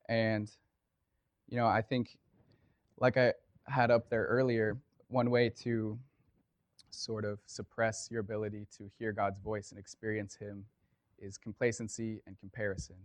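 A man's voice: fairly low pitch, little pitch movement, normal speed, no echo. A man preaching a casual sermon, talking conversationally with lots of fillers and telling a story.

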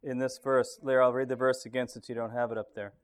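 A man leading a casual group Bible study, relaxed and thinking aloud, often chuckling. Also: medium pitch, fast, clean tone.

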